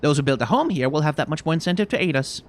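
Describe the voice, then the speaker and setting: A man voicing a proud, formal city official in a fantasy game, proclaiming in a lofty, high-pitched voice. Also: animated, rapid-fire, close to an everyday voice.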